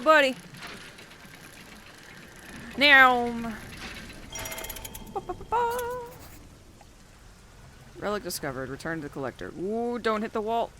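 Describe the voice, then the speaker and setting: A young woman streaming a fishing game, chatting casually with loud, profane, laughing banter. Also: a little high, slight background noise. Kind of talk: casual game livestream chat.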